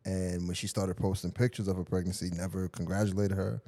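A man co-hosting a podcast, joking and bantering in a lively, animated way. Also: low voice, a little fast. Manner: animated, jokey. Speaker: podcast co-host. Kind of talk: casual banter.

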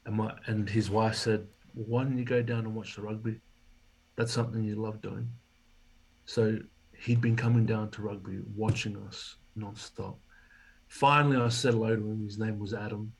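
Husky man telling a story. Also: on the low side, normal speed, rough recording. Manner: animated storyteller, acts out quoted dialogue. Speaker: podcast guest, former rugby league player. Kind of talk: casual storytelling in an interview.

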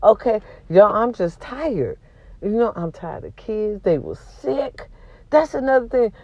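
A woman hosting a casual vlog airs her frustrations in a profane, no-nonsense way, her throat sore from a cold and her volume swinging up and down. Her medium-pitched voice is animated yet unhurried, captured in lo-fi sound with no room sound.

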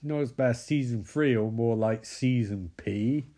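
A man's voice: mid-range voice, unhurried, warm tone. A man sarcastically recapping and mocking a horror movie.

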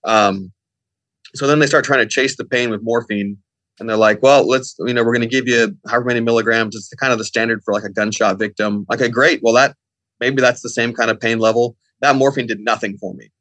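Brief: middle-aged male podcast guest, quick rambling delivery, dry close mic. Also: medium pitch, fairly even intonation, a bit bright, dry recording. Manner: rambling, lots of fillers and quoted dialogue. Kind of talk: casual storytelling.

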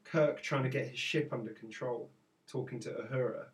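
A man co-hosting a podcast, retelling scenes in an enthusiastic, animated, casual chat. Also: medium pitch, normal speed, recorded from a distance. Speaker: podcast co-host.

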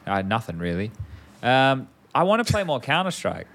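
A man's voice: medium pitch, very animated, normal speed, fairly bright tone. A man co-hosting a podcast, chatting casually and rambling with offhand swearing. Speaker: podcast co-host. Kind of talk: casual chat.

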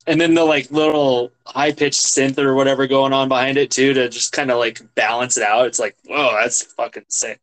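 A man's voice: mid-range voice, steady tone, normal speed, few pauses, a bit bright, low-quality recording. A man co-hosting a podcast, chatting casually and eagerly about songs, saying "yeah" and "like" a lot. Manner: enthusiastic, loose, says "yeah" and "like" a lot. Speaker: podcast co-host. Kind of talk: casual music chat.

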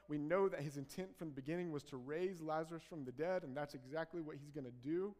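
A man's voice: on the high side, quick pace, few pauses. Man preaching casually in a reverberant hall. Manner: conversational preaching, paraphrasing scripture in casual voices. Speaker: pastor. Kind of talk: sermon.

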